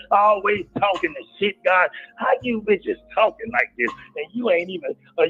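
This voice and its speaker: A man's voice: high voice, a bit bright, dull audio, voice pushed down, full character voice. A man voicing a crude, rambling male deacon who rants in a comedic sermon with a preacher cadence. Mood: preaching.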